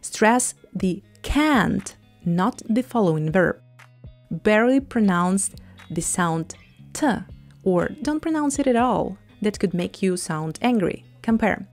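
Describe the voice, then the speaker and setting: Woman, English teacher, mid-pitched, lively delivery that slows for pronunciation drills, faint music behind. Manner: lively, acts out example dialogues. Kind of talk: English lesson.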